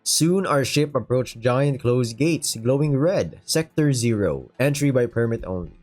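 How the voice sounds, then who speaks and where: A man's voice: medium pitch, expressive, measured pace, darkish tone, soft background music. Casual man reading a sci-fi story. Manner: joking, casual asides between narration. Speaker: story reader and commentator. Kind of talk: reading a story with comic asides.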